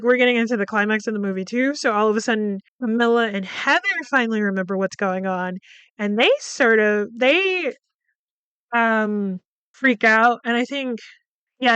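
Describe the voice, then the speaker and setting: Woman podcast host, very smooth clear voice, slightly high, chatty casual film recap, filler-heavy. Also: a bit bright, no room sound. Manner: chatty, loose, with many fillers and some swearing.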